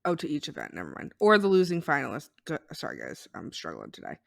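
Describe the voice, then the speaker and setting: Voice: mid-range voice, huge pitch swings, vocal fry. A podcast co-host reading news items in a casual, hesitant way, correcting themself as they go. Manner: unhurried, hesitant, self-correcting.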